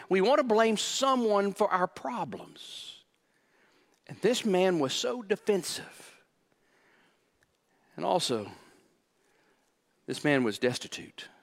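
A male pastor preaching a sermon, emphatic and repeating key phrases, swinging from hushed to loud. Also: high-pitched.

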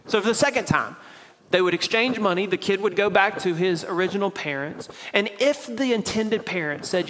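Tennessee preacher guy, kinda high voice, chatty teaching sermon, faint hiss in a reverby church. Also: normal speed, a bit bright. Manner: conversational preaching, explains step by step. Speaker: pastor. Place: church sanctuary.

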